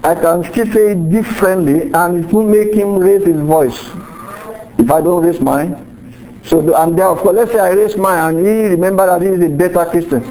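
A middle-aged pastor preaches in a conversational style, acting out small quoted exchanges as he teaches. His voice is high-pitched and warm, though the recording is rough.

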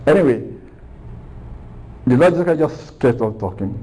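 A man's voice: mid-range voice, animated, normal speed, pauses often, mellow, poor audio. A man preaching a sermon, earnest and repeating phrases for emphasis.

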